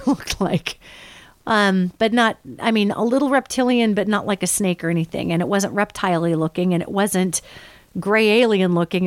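A woman's voice: medium pitch, no echo. Chatty woman hosting a live radio show. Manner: chatty and rambling, addresses listeners as "you guys". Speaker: psychic radio show host. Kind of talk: casual live call-in radio talk.

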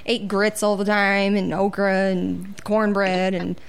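A woman's voice: medium pitch, little pitch movement, slow, gravelly, clear, resonant tone. A woman co-hosting a casual studio chat, talking in a chatty, rambling way.

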